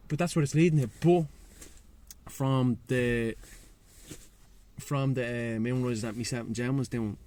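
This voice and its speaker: A Dublin man guesting in a casual outdoor chat by the sea speaks unhurriedly in a warm, steady, mid-range voice. A breathwork and sea-swim facilitator, he's frank and slangy and swears freely.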